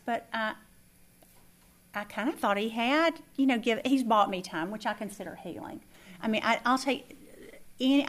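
A middle-aged woman teaching a faith lesson, telling a personal story with lively acted-out dialogue. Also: medium pitch. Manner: animated storyteller who acts out quoted dialogue. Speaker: Bible study teacher.

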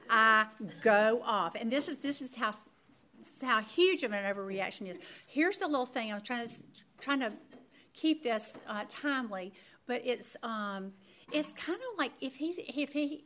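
A woman in her sixties teaching a Bible study class, telling a frank personal story with animated, self-deprecating humor. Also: fairly high pitch. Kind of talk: candid personal testimony in a faith class.

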